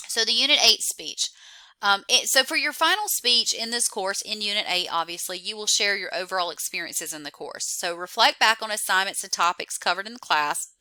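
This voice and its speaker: A woman's voice: medium pitch, sharp tone, smooth, no room sound. A woman teaching a college course, explaining assignments in an online class meeting, talking things through with frequent "you know" and "so".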